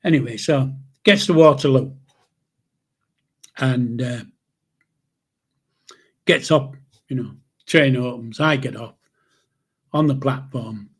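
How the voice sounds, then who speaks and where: Slow and husky, with many pauses, this medium-pitched male voice comes from a Yorkshire-accented channel host in his seventies. He rambles casually through a story from his own life, swearing freely and beginning sentences again.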